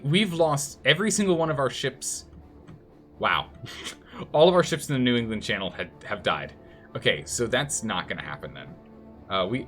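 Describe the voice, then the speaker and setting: A man with a low voice talks through a strategy game live. His pitch swings up and down a lot as he thinks aloud and scolds the game's nations. Faint music plays behind him. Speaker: game streamer. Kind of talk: live gameplay commentary.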